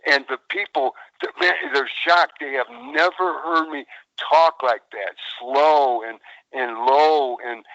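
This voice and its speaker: Gravelly older man rambling on a phone line. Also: a little high, lively intonation, measured pace, sharp tone, dry recording. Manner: rambling, repeats words, calls host brother and man. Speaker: podcast guest, retired wrestler. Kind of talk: animated storytelling interview. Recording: dull phone-like call line.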